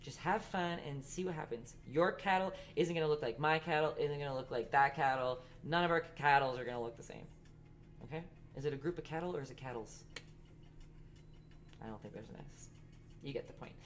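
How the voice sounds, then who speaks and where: Chatty low-voiced woman teaching painting. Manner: chatty, rambling, talks fast. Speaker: art instructor and live-stream host. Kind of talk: casual live-stream painting lesson.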